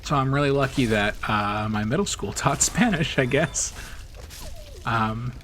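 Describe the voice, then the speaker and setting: A man chats loosely while he plays a game on stream, wandering from story to story and laughing as he goes. His pitch sits in the middle, and a faint hiss stays under the voice. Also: animated, measured pace, fairly bright tone. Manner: rambling, chatty, laughs often. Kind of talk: casual chat while gaming.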